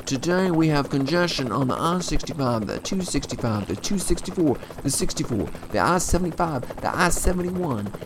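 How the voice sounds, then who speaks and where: A man's voice: on the high side, animated, moderate pace, few pauses, pitched above the performer's own voice. A man voicing an upbeat male traffic reporter in a helicopter, in an announcer-like manner.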